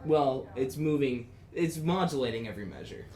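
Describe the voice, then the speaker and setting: A man's voice: medium pitch, animated, moderate pace, mellow, slight background noise. A man in his twenties, a composition student, talking casually and thinking aloud in a lesson. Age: 20s. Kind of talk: private lesson discussion. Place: university music lesson room.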